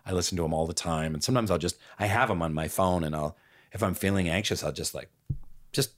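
A man with a slightly low voice chats casually as a podcast co-host. His talk is reflective and gently playful, often trailing off into soft asides. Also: fast talker. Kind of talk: casual conversation.

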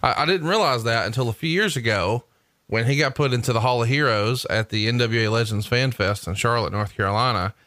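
A man from Alabama hosting a podcast, telling stories in an animated, chatty way. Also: mid-range voice, a little fast, no room sound, studio quality. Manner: storytelling, animated, laughing asides. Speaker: podcast host. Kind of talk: casual chat.

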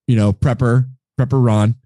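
A man co-hosting a podcast in relaxed casual chat, joking and swearing freely. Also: mid-range voice, normal speed, no room sound, studio quality. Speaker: podcast co-host.

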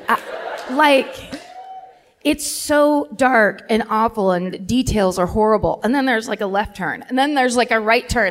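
Woman, slightly high voice, comedy podcast host, animated, sweary, self-mocking, live on stage. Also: a little hiss or hum. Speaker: podcast host telling a true-crime story. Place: live theater stage before an audience.

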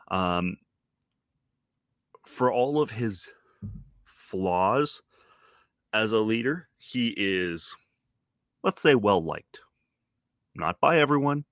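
A man's voice: on the low side, pushed and bright, no room sound, studio quality. A man from Toronto in his thirties hosting a podcast, rambling through a wry, self-deprecating monologue and swearing casually. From Toronto, Canada. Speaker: podcast host.

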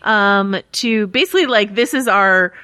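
A woman hosting a podcast conversation in a relaxed, chatty way, full of little fillers and quick laughs. Her voice sits at an ordinary pitch, and the recording is close and dry, with no room sound. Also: no echo. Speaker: podcast host. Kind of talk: casual podcast chat.

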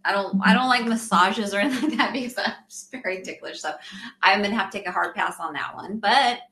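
Bright, chatty woman co-host. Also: medium pitch, quick pace, echoey room. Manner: chatty, giggly, teasing. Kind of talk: casual chat.

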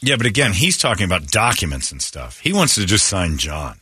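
A man's voice: brisk, slightly rough, no room sound. A man hosting a casual morning radio show, joking and bantering with his co-host. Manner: animated, jokey, jumps into mocking high voices.

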